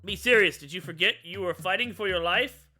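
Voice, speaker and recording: A woman's voice: lowish voice, fairly quick, sharp tone, faint music behind, pitched below the performer's own voice. A woman voicing an arrogant male swordsman who taunts his opponent. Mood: scornful. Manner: taunting, condescending.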